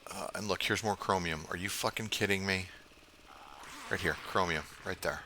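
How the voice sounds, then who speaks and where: A man's voice: deep voice, moderate pace, bright, forceful tone, slight background noise. An older man giving casual, profane, grumbling commentary while he plays a survival game. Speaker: game streamer.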